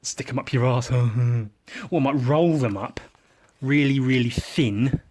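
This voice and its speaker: A man's voice: mid-range voice, slow pace, darkish tone. A man hosting his own drawing podcast, rambling in a sweary, self-mocking comic monologue full of silly wordplay as he works at his desk. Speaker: podcast host.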